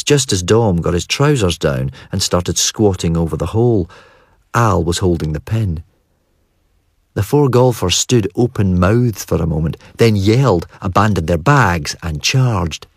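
A man narrates a story in the first person with a measured, even delivery. His voice is very deep and slightly husky. The recording is dry and close, with no room sound. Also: dry recording. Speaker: audiobook narrator.

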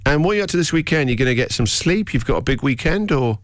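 A man's voice: medium pitch, animated, no echo, clean studio sound. A man hosting a radio breakfast show, chatting and teasing his guest. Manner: teasing, chatty, quick with jokes. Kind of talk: casual on-air chat. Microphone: studio microphone.

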